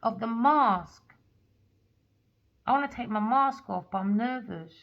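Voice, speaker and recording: A woman's voice: a little high, measured pace. A woman voicing a heartbroken, swearing man from a tarot card, who sounds distressed and calls the listener babe. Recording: dull lo-fi audio.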